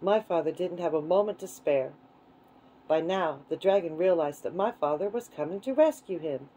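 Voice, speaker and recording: A woman reading a children's book aloud in a gentle, unhurried way. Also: lowish voice, animated, slightly rough, rough recording. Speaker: storyteller.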